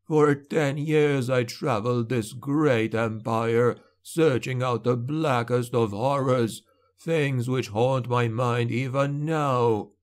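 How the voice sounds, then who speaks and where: A man voicing a frail old male patriarch who speaks with a lisp, slow and pleading in despair. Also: mid-range voice, close to an everyday voice. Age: older.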